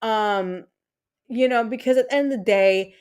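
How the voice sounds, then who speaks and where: A woman's voice: fairly high pitch, normal speed, smooth. Chatty Puerto Rican woman in her thirties. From Puerto Rico. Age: 30s. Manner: chatty, reads out chat comments, frequent fillers and repeats. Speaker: livestream host. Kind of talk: casual chat with viewers.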